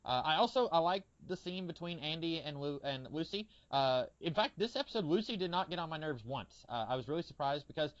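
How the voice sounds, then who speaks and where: A man's voice: fairly high pitch, expressive, brisk, hardly any pauses, dry recording. A man co-hosting a podcast in casual chat, rambling with lots of fillers as he retells scenes with animation. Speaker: podcast co-host. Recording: dull lo-fi audio.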